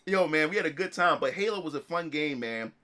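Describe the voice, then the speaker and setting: A streamer with a voice on the high side tells a story to his livestream audience, casual and animated. He swears often and keeps restarting his sentences.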